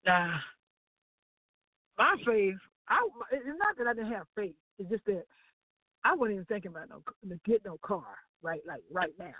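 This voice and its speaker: A woman telling a lively testimony on a gospel talk show, quoting people as she goes. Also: medium pitch, normal speed, no echo. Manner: animated storytelling with laughs and acted-out quotes. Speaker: gospel radio co-host. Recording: dry, tinny phone-line sound.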